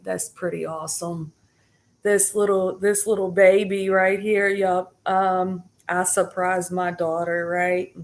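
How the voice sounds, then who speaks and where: A middle-aged woman chatting casually to her viewers, rambling with many fillers and restarts. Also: on the low side. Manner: addresses the audience directly. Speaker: spiritual reading streamer. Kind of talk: casual live chat to viewers.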